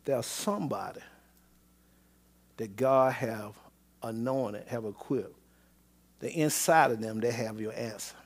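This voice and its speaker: A man preaching a sermon as pastor, swinging between loud exclamations and low murmurs, with repeated call-outs to the congregation. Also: slow, long pauses, slightly rough. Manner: repetitive call-and-response phrasing.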